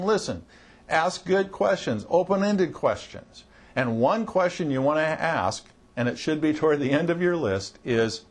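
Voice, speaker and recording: A middle-aged marketing coach with a high-pitched voice trains auto service writers in a conversational talk. He acts out what customers and staff say.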